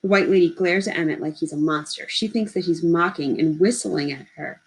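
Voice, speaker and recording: Woman reading a novel aloud, steady. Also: on the low side, fairly quick, rough recording. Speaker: audiobook reader.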